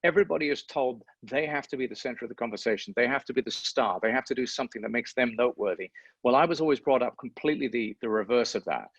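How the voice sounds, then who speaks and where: A sports broadcaster with a medium-pitched, slightly rough voice talks fast and reflectively in an interview, often repeating words as he thinks. The recording is dull and lo-fi with no room sound.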